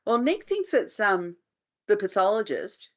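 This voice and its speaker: A woman's voice: mid-range voice, sing-song, measured pace, lo-fi sound. A woman co-hosting a casual comedy chat, asking questions in a dry, teasing way. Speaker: co-host.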